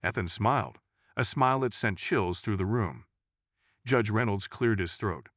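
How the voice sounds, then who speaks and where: A man narrating a dramatic courtroom story in a suspenseful, measured reading. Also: fairly low pitch, animated, fairly bright tone, dry recording, clean studio sound.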